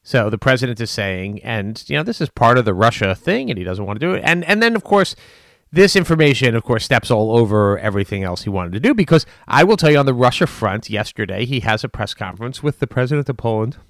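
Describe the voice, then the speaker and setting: A man's voice: mid-range voice, fast talker, no echo. Emphatic man giving dry political commentary. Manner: animated, emphatic, with frequent restarts and fillers.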